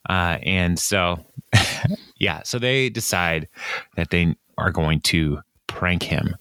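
A man's voice: low voice, slow, pushed and bright, clean tone, dry recording, studio quality. A man recapping a TV episode in casual chat, laughing often and acting out lines. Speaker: podcast co-host.

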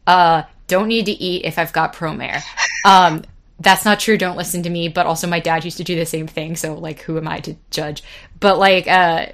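A young woman in her twenties talks on her own podcast in a loose, rambling way, swearing freely and laughing at herself. Her voice sits a little low for a woman. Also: fairly bright tone. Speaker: podcast host. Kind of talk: casual solo podcast chat.

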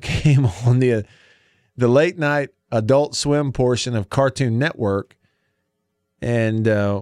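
A rambling, chatty man hosting talk radio from a studio, his voice at an ordinary middle pitch. The sound is close and dry, with no room echo, and he keeps interrupting himself before moving on to ad reads. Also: a little mellow. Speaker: radio sports show host.

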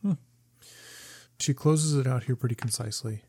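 A man's voice: mid-range voice, normal speed, dark tone, husky. A man co-hosting a book discussion podcast, thinking aloud in casual chat with frequent restarts. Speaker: podcast co-host.

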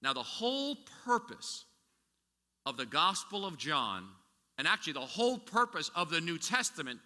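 A man's voice: on the high side, big pitch swings, moderate pace, pushed and bright, big-room sound. A man preaching a sermon as a pastor, talking conversationally with rhetorical questions and frequent restarts.

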